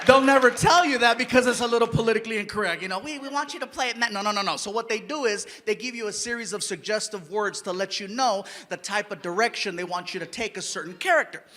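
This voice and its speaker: A man's voice: sits high, quick pace, few pauses, sharp tone. A man doing stand-up, telling a story on stage and acting out voices and sound effects. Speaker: stand-up comedian. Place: comedy stage before a live audience.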